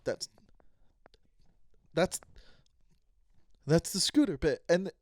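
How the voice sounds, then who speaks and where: A man's voice: fairly high pitch, big pitch swings, drawn-out words, a little mellow, no echo. Mock-earnest man hosting a podcast. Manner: mock-earnest, rambling, stammers through his sentences. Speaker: comedian podcast host. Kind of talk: casual podcast chat.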